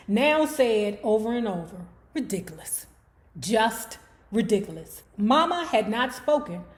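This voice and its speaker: Woman reading a memoir to her book club, fairly high voice, swoops into sassy cussing asides. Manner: sassy, profane asides to viewers. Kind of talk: memoir read-aloud with commentary.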